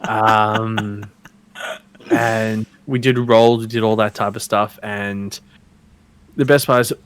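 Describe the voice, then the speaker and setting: A man's voice: fairly low pitch, fairly bright tone, clean tone. Young man laughing through anecdotes. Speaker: wrestler guest. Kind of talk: casual chat.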